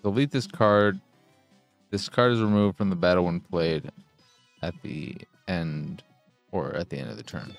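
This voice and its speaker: A man giving casual, profane let's play commentary, excitable and thinking out loud as he plays. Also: low-pitched, a little slow, vocal fry, pauses often, faint music behind. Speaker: gaming streamer.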